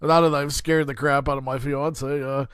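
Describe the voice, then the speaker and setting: A man's voice: on the high side, little pitch movement, normal speed, a bit bright, clean tone, no echo. A man hosting a podcast, telling a rambling, profane story in a heated, casual way. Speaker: podcast host.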